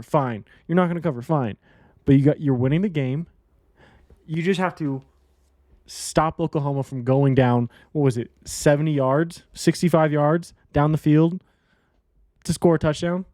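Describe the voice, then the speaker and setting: A man's voice: on the high side, mellow, no room sound, studio quality. A man hosting a casual solo sports betting podcast, blunt and rambling, repeating himself and swearing now and then.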